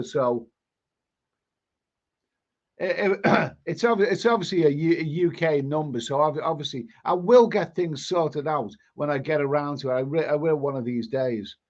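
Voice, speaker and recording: A man with a fairly high voice hosts a casual live stream, reading out viewer comments. He rambles, doubling up words and restarting sentences as he goes. The sound is dull and lo-fi.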